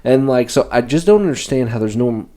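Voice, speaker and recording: A man's voice: mid-range voice, lively intonation, brisk, mellow. A man co-hosting a podcast in casual, rambling chat with many fillers. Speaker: podcast co-host.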